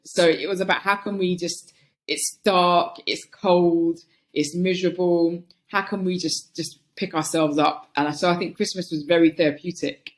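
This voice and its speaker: A woman from North London with a London accent, a guest talking in a thoughtful, animated, casual way, laughing often and filling with um and like. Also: on the low side, moderate pace. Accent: London English. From North London, England. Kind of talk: casual conversational interview.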